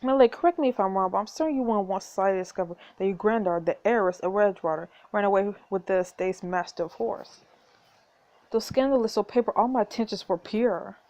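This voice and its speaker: A woman's voice: mid-range voice, quick pace, darkish tone, lightly acted. A woman voicing a scheming, menacing aristocratic duke in a story game, with a sneering, condescending delivery.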